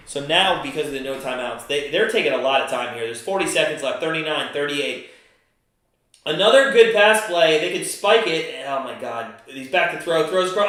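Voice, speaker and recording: A man hosting a live stream, giving excited play-by-play of a football game and breaking into angry shouts and swearing. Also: on the high side, moderate pace. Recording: very echoey room.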